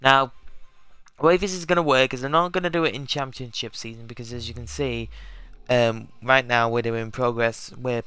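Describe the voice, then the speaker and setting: Guy streaming a racing game, rambly chat to viewers, crisp voice, dry close mic. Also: mid-range voice, bright, forceful tone, no echo. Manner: rambling, self-correcting, talks to viewers. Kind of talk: casual live-stream chat.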